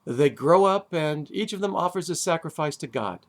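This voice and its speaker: A man, a rabbi, giving a sermon on the weekly Torah portion, deliberate with dramatic pauses and wry asides. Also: on the high side, animated. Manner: deliberate, with long dramatic pauses and emphatic stresses.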